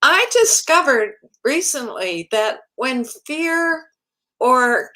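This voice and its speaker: A woman guest, a hospice chaplain, explaining things in a calm, measured, instructive way. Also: sits high, rough recording. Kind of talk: talk show interview.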